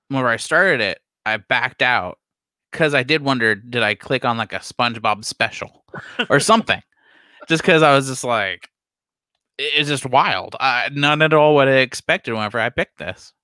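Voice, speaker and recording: A man hosting a casual reaction chat, animated and often stumbling over repeated words. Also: mid-range voice, moderate pace, clean tone, dry recording, studio quality. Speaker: host.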